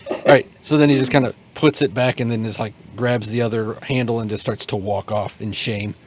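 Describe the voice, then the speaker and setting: A man narrating as game master of a tabletop game at a middling pitch. He talks in a rambling, halting way and circles back with plenty of fillers and restarts. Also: fairly even intonation, slight background noise.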